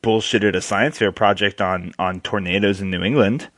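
Halting man in casual podcast chat. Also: on the low side, fairly even intonation, fairly bright tone, dry recording. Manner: halting, self-interrupting, laughs easily. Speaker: podcast co-host.

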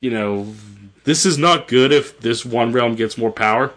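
A man's voice: mid-range voice, measured pace, a bit bright, pitched below the performer's own voice, lightly acted. A man voicing a scheming male sorcerer who talks in a mock-reasonable tone. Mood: wheedling.

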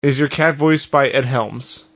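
A man's voice: medium pitch, measured pace, fairly bright tone. A man co-hosting a comedy podcast, trading dry, teasing quips. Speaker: podcast co-host.

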